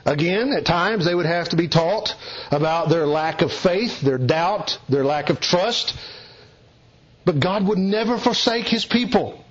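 Man, sermon, emphatic, hushed lows and urgent highs, muffled recording. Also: animated, measured pace, breathy edge. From Eastern Kentucky. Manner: emphatic, swings between low hushed lines and raised urgent ones. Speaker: preacher. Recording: dull lo-fi sound.

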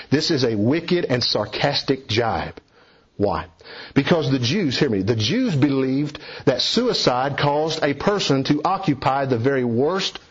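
Emphatic male preacher, husky voice. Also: mid-range voice. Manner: emphatic, rising and falling for emphasis, urging listeners. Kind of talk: expository sermon. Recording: dull lo-fi recording.

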